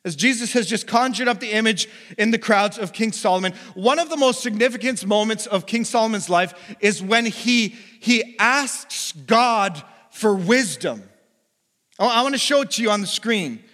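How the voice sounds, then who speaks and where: A man's voice: moderate pace, a bit bright. A man preaching a sermon as pastor, telling stories and acting out the voices in them. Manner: storytelling, acts out quoted voices with big pitch jumps. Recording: long hall reverb.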